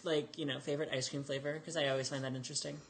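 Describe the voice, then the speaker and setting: A woman co-hosting a podcast in casual chat, reacting with short lively interjections. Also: extremely low pitch, racing, a crowd in the background. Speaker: podcast co-host.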